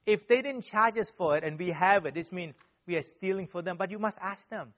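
High-voiced man preaching, lo-fi sound. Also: a little fast. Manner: tags nearly every sentence with a questioning "right?"; earnest, animated storytelling. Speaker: church speaker. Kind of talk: sermon with personal stories. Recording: dull, lo-fi sound.

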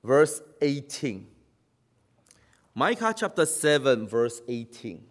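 A male pastor delivers an impassioned sermon. His pitch swoops widely as he moves between loud exhortation and hushed, quiet lines, and he paces his words slowly. He repeats key phrases for emphasis. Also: big pitch swings.

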